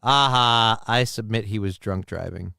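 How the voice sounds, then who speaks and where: A man's voice: fairly low pitch, unhurried, gravelly, pushed and bright, clean tone, no echo, studio quality. A man hosting a live talk stream, reacting to clips and reading out chat comments in a loose, profane way. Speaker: livestream talk show host.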